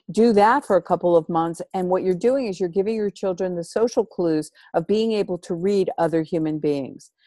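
A woman's voice: fairly low pitch, mellow, no room sound, studio quality. A woman in casual conversation about parenting, speaking earnestly and emphatically in a coaching tone.

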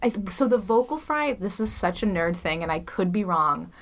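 Woman cohost, clear theater-ish voice, chatty and jokey, mid pitch. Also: lively intonation, a bit bright. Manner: chatty, self-mocking, quick asides. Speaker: podcast co-host. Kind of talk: casual chat.

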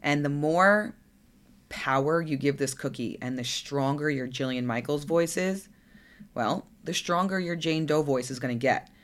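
A woman's voice: sits low, measured pace. A woman coach talking casually on her solo podcast, blunt and chatty, swearing freely and tagging thoughts with "right?". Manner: says "right?" a lot. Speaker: fitness and nutrition coach.

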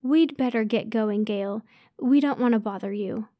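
A woman doing a calm motherly older woman. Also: fairly high pitch, moderate pace, no echo, clean studio sound, natural voice. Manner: calm, gently scolding.

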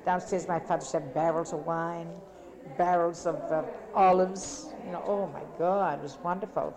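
Older lady rambling thru her memories, lowish voice, crowd chatter behind. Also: moderate pace. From Italy. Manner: rambling, repetitive, animated storytelling. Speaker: interviewee. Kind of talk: casual reminiscing.

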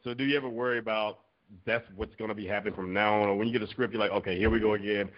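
A man's voice: lowish voice, steady tone, racing. A man in his forties co-hosting a casual podcast, who jokes, teases, and presses his guest with questions. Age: 40s. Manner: joking, teasing, pushy questions. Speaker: podcast co-host. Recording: dull lo-fi podcast audio.

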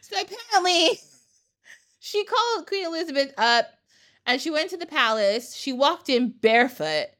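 A woman hosting a podcast, telling a story in a casual, animated way, laughing and swearing casually. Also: high voice, normal speed. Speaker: podcast host.

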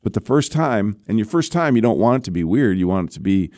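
A man's voice: fairly low pitch, big pitch swings, quick pace, warm tone, no echo, clean studio sound. A man, a former astronaut, telling stories in an interview in a conversational way, often checking in with the listener. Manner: conversational, keeps checking in with "right?". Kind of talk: interview storytelling.

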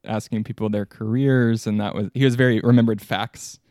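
A man's voice: on the low side, steady tone, a little fast, a little mellow, dry recording, clean studio sound. A man co-hosting a podcast, joining an easygoing chat about a movie. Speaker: podcast co-host. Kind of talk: casual movie review chat.

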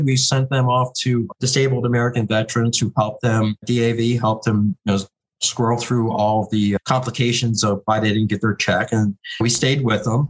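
A man's voice: on the low side, poor audio. A man running a veterans' charity, telling a story in a conversational way and acting out the people he quotes. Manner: animated, quotes callers in a raised voice. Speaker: founder of a veterans' charity fund.

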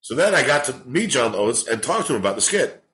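A man's voice: mid-range voice, fast talker, poor audio. A man in his forties, a comedian, telling rambling, profane stories in a casual podcast chat. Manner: rambling, profane, animated storytelling. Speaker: comedian guest.

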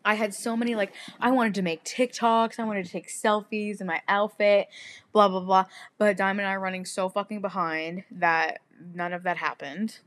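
A woman's voice: mid-range voice, fairly even intonation, moderate pace, a bit bright. A young woman from Texas hosting a podcast, talking bluntly in casual chat with heavy swearing. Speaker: podcast host.

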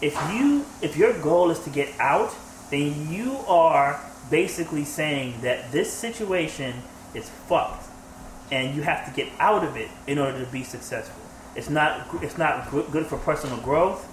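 A man's voice: on the high side, animated, normal speed. A man co-hosting a podcast in casual chat, reflective and agreeable, often affirming others. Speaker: podcast co-host. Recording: echoey room with faint noise.

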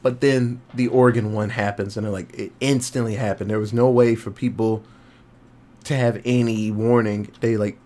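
A young man co-hosting a podcast, casually retelling a movie plot with animated quoted voices and some swearing. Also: lowish voice, moderate pace. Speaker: podcast co-host. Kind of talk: casual movie review chat.

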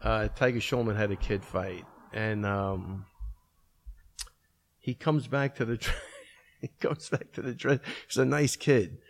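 A man's voice: on the low side, measured pace. A middle-aged man who runs a martial arts school, telling stories in a casual, rambling way full of fillers. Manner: rambling storyteller, many fillers. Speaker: martial arts gym owner. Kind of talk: casual podcast chat.

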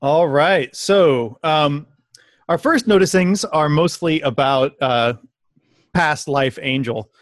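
A man's voice: on the high side, slow pace, dry recording. A man hosting a casual podcast, running through the segments and joking about the episode. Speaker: podcast host.

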